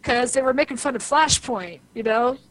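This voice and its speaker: A woman's voice: a little high, normal speed, fairly bright tone, poor audio. A woman co-hosting a podcast, reacting with enthusiasm in casual chat. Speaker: podcast co-host.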